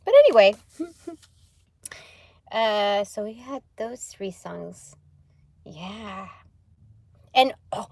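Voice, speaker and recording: Young woman, laid-back tarot livestreamer, slow rambling delivery with frequent laughs. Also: medium pitch, darkish tone. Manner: rambling, laughs often, swears casually. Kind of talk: casual spiritual livestream chat.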